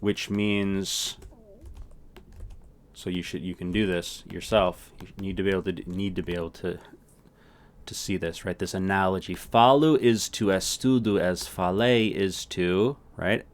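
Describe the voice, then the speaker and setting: Man, language teacher, low voice, unhurried, casual lesson, repeats words for practice. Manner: checks in often with "right?".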